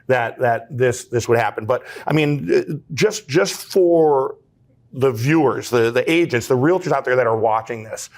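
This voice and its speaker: A man speaking as an interview guest, earnest and measured, pausing and restarting often. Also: mid-range voice. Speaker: trade association president, guest. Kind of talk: interview conversation.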